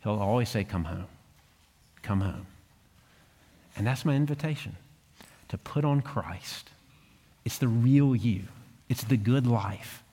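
A man preaching a sermon as pastor, earnest and expressive, climbing higher on emphasis and going soft and low for the closing prayer. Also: measured pace. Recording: long reverb of a large hall.

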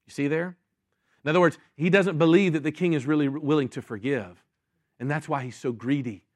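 A man preaching a sermon to a congregation, animated and acting out story voices, restarting his sentences often. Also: a little high, no echo, studio quality. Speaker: pastor. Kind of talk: sermon with audience Q&A.

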